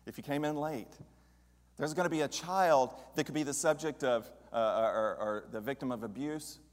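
A man giving a relaxed, conversational sermon at a church, often putting questions to the congregation. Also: mid-range voice, normal speed. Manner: conversational, asks the audience questions. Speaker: speaker at a church service. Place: church sanctuary. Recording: long hall reverb.

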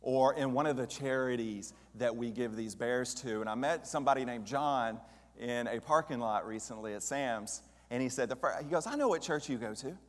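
A man giving a relaxed, conversational sermon at a church, often putting questions to the congregation. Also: mid-range voice, normal speed. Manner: conversational, asks the audience questions. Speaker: speaker at a church service. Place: church sanctuary. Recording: long hall reverb.

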